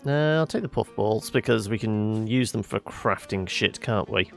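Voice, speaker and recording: Wry, gravelly gameplay host. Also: male voice, lowish voice, expressive, moderate pace, faint music behind. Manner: wry, thinking aloud. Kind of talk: casual gameplay commentary.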